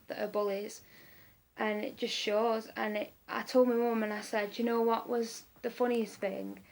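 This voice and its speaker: A woman's voice: mid-range voice, fairly bright tone. A young woman telling a long personal story in a casual vlog, rambling and repeating herself with lots of fillers. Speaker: vlogger.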